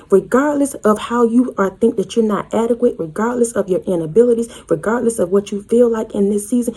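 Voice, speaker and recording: A woman's voice: fairly high pitch, brisk, few pauses, mellow, breathy edge. A woman preaching a fervent prophetic sermon, acting out voices from scripture. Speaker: online preacher.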